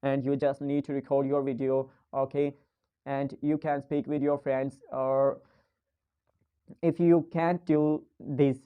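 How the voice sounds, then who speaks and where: A man's voice: medium pitch, level tone, takes it slowly, clear, resonant tone, phone-quality sound. A young man giving an earnest, repetitive motivational talk to a phone camera, coaching viewers in non-native English.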